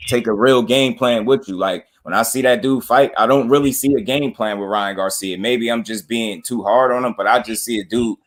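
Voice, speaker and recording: A man's voice: mid-range voice, moderate pace, hardly any pauses. A man hosting a casual panel chat, talking boxing in a slangy, opinionated way. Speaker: boxing show host.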